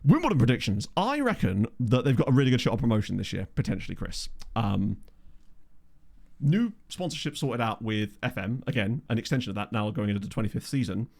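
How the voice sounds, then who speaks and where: A man's voice: mid-range voice, very animated, brisk, gravelly, darkish tone. A man hosting a casual let's play, chatting and musing aloud as he plays and reads the live chat, on a USB condenser mic. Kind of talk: casual gameplay commentary.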